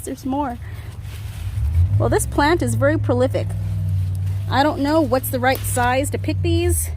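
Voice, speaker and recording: A woman giving a casual garden tour vlog outdoors, chatty and excitable, laughing often as she talks into a handheld phone. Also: sits high, unhurried, pauses often, slight background noise. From Southern California. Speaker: garden vlogger.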